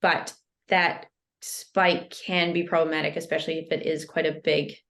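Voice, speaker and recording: A woman who is a guest on a podcast, explaining nutrition in a steady, casual way and often saying "like". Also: sits low, moderate pace. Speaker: health guest.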